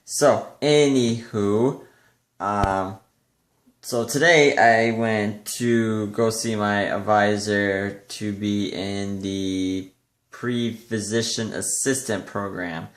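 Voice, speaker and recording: A young man chatting casually to the camera in a rambling vlog, full of fillers and lively when quoting others. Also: on the low side, takes it slowly. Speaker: vlogger. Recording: echoey room.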